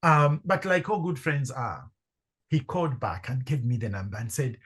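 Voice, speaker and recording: A middle-aged man from Zambia, a podcast guest telling a personal story with lively acted-out dialogue. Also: mid-range voice, moderate pace, breathy edge. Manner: animated storyteller acting out quoted voices. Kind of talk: storytelling in conversation.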